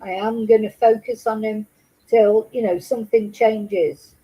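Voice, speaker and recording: A woman's voice: fairly high pitch, fairly even intonation, a little slow, dark tone, breathy edge, poor audio. A woman vlogging her reaction to a news clip, emotional and angry, swearing in outbursts. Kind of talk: casual commentary.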